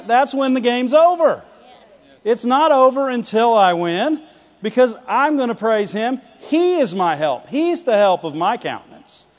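A male preacher giving an animated sermon, swinging between loud declarations and hushed asides, often laughing and calling for the congregation's response. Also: extremely high pitch. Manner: laughs often, calls for "Amen" and "Right". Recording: dull lo-fi sound with long hall reverb.

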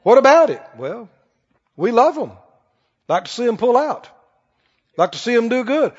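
High-pitched preacher guy, talks animated and chatty to the church, muffled sound with long hall echo. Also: moderate pace, long pauses, husky. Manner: animated, conversational, acts out quoted voices. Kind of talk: sermon. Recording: dull recording with long hall reverb.

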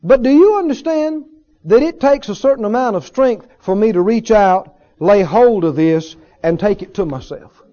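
This is an animated, earnest teaching sermon from a man whose voice is high and mellow, delivered at a normal pace to a church congregation. He keeps repeating himself and posing rhetorical questions, and the audio is dull and lo-fi.

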